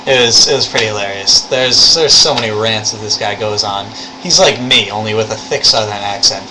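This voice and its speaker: A man's voice: fairly low pitch, a little fast, hardly any pauses. Rambling young man with AC hum. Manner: rambling, swears casually. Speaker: vlogger. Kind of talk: casual video log. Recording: air conditioner hum.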